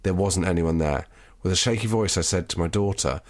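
A man co-hosting a casual podcast, reading listener emails aloud and slowing down for the tense parts. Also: sits low. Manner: reads listener stories aloud, slows and drops his voice for the scary parts. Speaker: podcast co-host.

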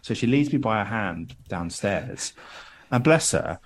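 Husky man telling a story. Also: on the low side, expressive, a little slow. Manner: rambling, self-deprecating, acts out voices in anecdotes. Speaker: podcast host telling a story. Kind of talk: casual storytelling chat.

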